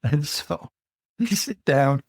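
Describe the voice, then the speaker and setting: Telling a long personal story as a podcast interview guest, this author is animated, voicing the people he quotes and ending lines with "right?". His voice is on the high side, slow, and has vocal fry. The sound is dry and clean, studio-made.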